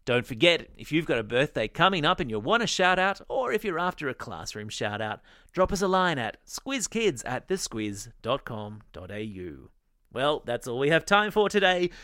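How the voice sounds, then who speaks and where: A man's voice: mid-range voice, big pitch swings, normal speed, sharp tone, dry recording, studio quality. A man hosting a daily kids' news podcast, reading scripted stories in a playful, upbeat way with jokey asides. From Australia. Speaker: news podcast host for kids. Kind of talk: scripted news narration for kids.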